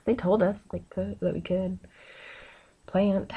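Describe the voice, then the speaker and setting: A young woman rambles excitedly to her camera. Her talk is casual, full of fillers and quick jumps between thoughts. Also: on the low side, vocal fry, breathy edge. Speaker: vlogger.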